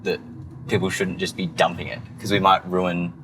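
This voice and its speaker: A man's voice: low-pitched, little pitch movement, moderate pace, a bit bright, rough recording. A man chatting casually while he drives, laid-back and offhand. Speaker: podcast co-host, driving. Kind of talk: casual chat while driving. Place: inside a moving car. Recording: car noise behind.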